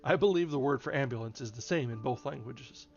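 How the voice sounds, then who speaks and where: A man's voice: medium pitch, a little fast, gravelly, a little mellow, natural voice. A man voicing a saucy, teasing young woman. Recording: slightly dull, faint music behind.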